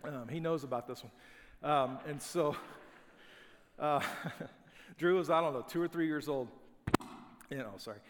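Pastor preaching in a reverberant hall. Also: male voice, fairly high pitch, a little slow, pauses often, noisy background. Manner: conversational storytelling, self-deprecating. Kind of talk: sermon.

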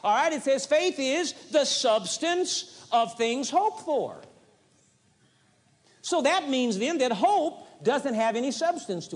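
A man's voice: extremely high pitch, big pitch swings, slow pace. A man preaching a sermon with emphasis, driving points home by repeating short phrases. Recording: long hall reverb, 1980s audio tape.

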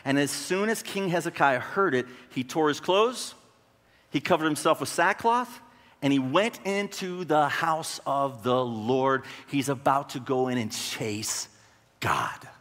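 Male pastor, slightly high voice, lively sermon delivery with asides to the crowd, long church-hall reverb. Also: a little slow. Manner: conversational preaching with rhetorical questions and dramatic retelling.

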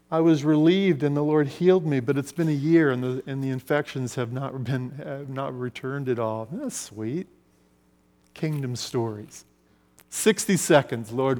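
A man preaching a sermon, telling stories and swinging between loud passages and hushed ones. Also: a little high. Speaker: pastor. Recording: long reverb of a large hall.

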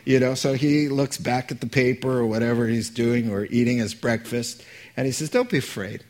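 A man's voice: medium pitch, flat delivery, moderate pace, a little mellow. A man preaching a sermon as a pastor, conversational and joking with the congregation.

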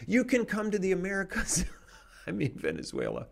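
A man hosting a podcast, speaking in an animated, emphatic way and laughing between points. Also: high voice, normal speed, gravelly. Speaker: podcast host. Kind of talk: conversational commentary.

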